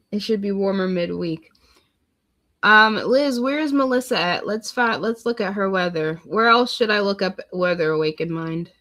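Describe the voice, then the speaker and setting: Slow, chatty woman streamer. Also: medium pitch, a bit bright. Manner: chatty, talks to viewers, reads weather aloud. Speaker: livestream host. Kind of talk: casual livestream chat.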